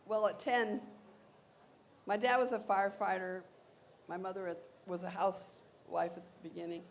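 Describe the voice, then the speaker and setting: Gravelly older woman telling stories. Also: medium pitch, normal speed. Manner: animated, acts out quoted voices. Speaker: interview guest. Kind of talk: anecdotal storytelling on stage.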